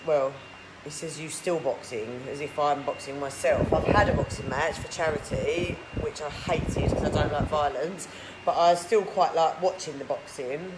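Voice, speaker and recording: A woman's voice: sits low, steady tone, normal speed, very noisy. A woman hosting a casual live stream from a clinic, rambling with lots of fillers as she answers viewer questions. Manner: chatty and rambling, many "like" and "you know" fillers. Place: hair clinic, indoors.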